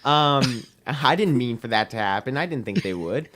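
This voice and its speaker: A teenage boy sits in as a podcast guest and tells a story the loose, chatty way. He leans on "um" and "we're like" to act out each exchange, at an ordinary pitch for a young man. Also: animated, normal speed, fairly bright tone. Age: teens. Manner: rambling, heavy use of "we're like" and "um". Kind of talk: casual anecdote telling.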